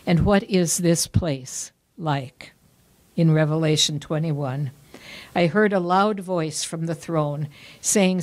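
A woman pastor reading scripture at a memorial service, in a slow and measured way. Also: low voice, dry recording.

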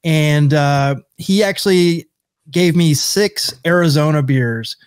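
Casting: podcast co-host, male, laid-back chatty delivery, slightly high voice, dry close sound. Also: slow, clear, resonant tone, no room sound. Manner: relaxed, searching for words while describing a beer. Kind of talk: casual chat.

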